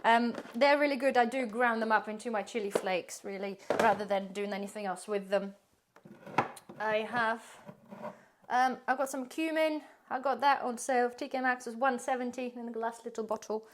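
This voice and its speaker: A woman's voice: fairly high pitch, moderate pace, a little hiss or hum. A woman, giving a chatty, rambling tour of her pantry and laughing often. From UK-based. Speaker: prepping vlogger.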